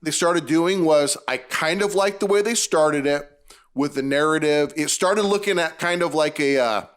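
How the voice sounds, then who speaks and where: A man with a slightly high voice co-hosts a casual movie review chat. He rambles and restarts his sentences as he works out his thoughts aloud. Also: normal speed, a bit bright, smooth.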